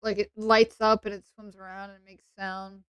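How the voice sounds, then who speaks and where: A woman's voice: medium pitch, flat delivery, smooth, no room sound. A woman with an English accent, chatting sarcastically and playfully on a role-play stream. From England. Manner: sarcastic and playful, quick asides.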